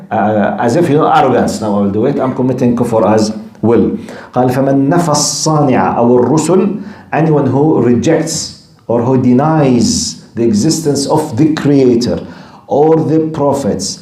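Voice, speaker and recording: Speaking in a mellow mid-range voice that sounds roomy, a man who teaches Islam lectures on religion. He alternates quoted Arabic with English explanations, repeating points emphatically.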